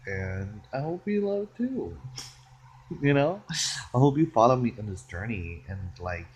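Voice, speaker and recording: A low-pitched man with a husky voice talks alone to his camera, rambling freely. He giggles often and drifts from excited bursts into quiet musing. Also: unhurried, pauses often. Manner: playful, giggly, drifting between excited and hushed. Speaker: vlogger. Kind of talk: rambling solo vlog monologue.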